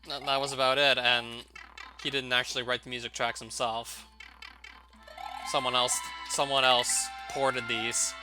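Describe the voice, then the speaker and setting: A young man giving casual, wry gameplay commentary, often laughing and reading on-screen text aloud. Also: mid-range voice. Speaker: let's play commentator.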